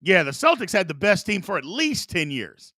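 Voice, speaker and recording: Casting: male sports talk host, slightly high, forceful voice, insistent and repetitive, dry close mic. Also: big pitch swings, normal speed, no room sound. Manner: emphatic, repeats himself for emphasis.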